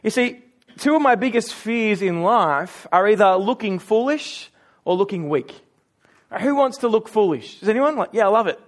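A man's voice: high-pitched, animated, moderate pace. A man with an Australian accent preaching a sermon, telling personal stories in a chatty, self-mocking way. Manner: conversational storytelling with self-mocking humor.

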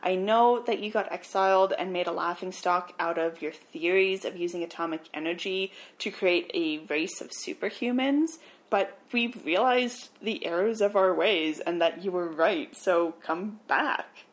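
A woman's voice: lowish voice, measured pace, lightly acted. A woman voicing a male foreign spy during a movie recap, coaxing and persuasive.

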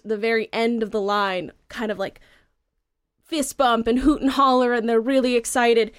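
Woman, game master, slow narration, slightly high voice, dry close sound. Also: clear, resonant tone, no echo. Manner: relaxed storytelling with fillers.

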